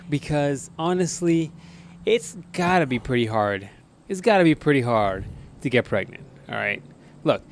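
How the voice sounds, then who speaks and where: A man co-hosting a podcast, chatting in loose, slangy banter and laughing often. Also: on the high side. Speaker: podcast co-host. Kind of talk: casual crude banter.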